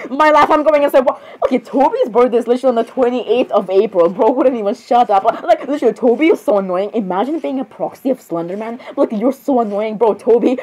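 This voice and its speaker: A woman performing a playful fan role-play skit, voicing several princesses with excitable, dramatic exclamations and flustered restarts. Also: a little high, breathy edge, low-quality recording.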